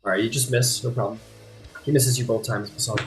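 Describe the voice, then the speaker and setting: A man narrating a tabletop game as game master, relaxed and rambling with many fillers. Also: medium pitch, a little fast, soft background music.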